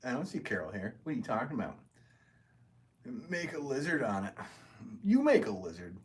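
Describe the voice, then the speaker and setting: A man's voice: medium pitch, huge pitch swings, moderate pace, rough recording. A man chatting casually while he works during a live stream from his pottery studio, rambling, full of fillers, and laughing often.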